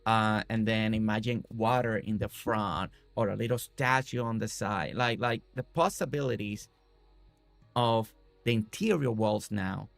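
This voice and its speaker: A young man hosts a casual game livestream, his mid-pitched voice carrying a gravelly edge. He rambles excitedly, restarting sentences as ideas come. The sound is close and dry. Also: measured pace, no room sound, soft background music. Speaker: streamer.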